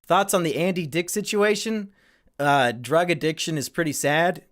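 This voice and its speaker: A man's voice: fairly high pitch, moderate pace, fairly bright tone. A man streaming live and answering viewer questions in a crude, profane and sarcastic way. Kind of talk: casual livestream Q&A.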